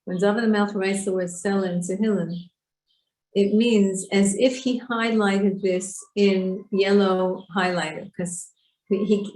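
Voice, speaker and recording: A woman leads an online Torah class, unpacking Hebrew words and putting questions to her students. Her voice sits at a middle pitch. The recording rings with room echo. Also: darkish tone. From Israel. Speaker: Torah teacher. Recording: echoey room.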